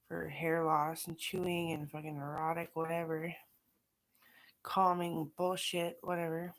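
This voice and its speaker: A woman's voice: sits low, steady tone, normal speed, a bit bright. A middle-aged woman talking in a rambling, casual monologue, profane and scattered, jumping from aside to aside. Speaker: vlogger.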